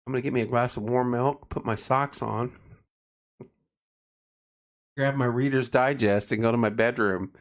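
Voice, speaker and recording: Tired gravelly man chatting on a livestream. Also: mid-range voice, steady tone, normal speed, pauses often. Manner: joking, chatty, reads viewer comments aloud. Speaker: livestream host. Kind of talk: casual late-night livestream chat.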